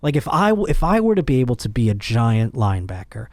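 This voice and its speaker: A man's voice: fast talker, dry recording, studio quality. A man hosting a comedy podcast, ranting and joking crudely, his voice jumping up when he gets worked up. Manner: animated, crude, jokey, voice jumps high when worked up. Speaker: podcast host. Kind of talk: casual comedic rant.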